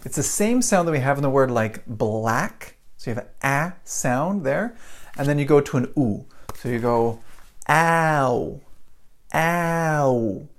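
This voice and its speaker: A man's voice: medium pitch, lively intonation, normal speed. Chatty American male English teacher running a live pronunciation lesson, loose and repetitive. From United States. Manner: chatty, repeats himself, greets viewers mid-lesson.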